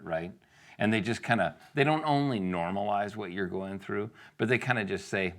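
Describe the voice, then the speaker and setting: A man's voice: sits low, moderate pace, fairly bright tone. A male pastor preaching a sermon in a conversational way, asking rhetorical questions and acting out the lines of the people in the story. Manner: conversational, asks the congregation rhetorical questions, acts out quotes.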